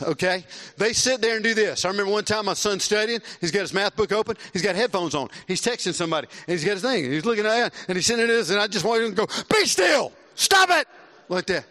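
A middle-aged man from South Carolina preaching a sermon, animated and swinging between loud exclamations and hushed earnest tones. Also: sits high, quick pace, few pauses. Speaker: visiting preacher. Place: large church with long reverb. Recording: reverberant church hall.

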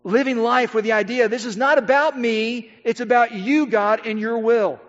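A man preaching a sermon, swinging between loud emphatic lines and hushed, quiet passages. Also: extremely high pitch, fairly even intonation, normal speed. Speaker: pastor. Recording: dull audio with long hall reverb.

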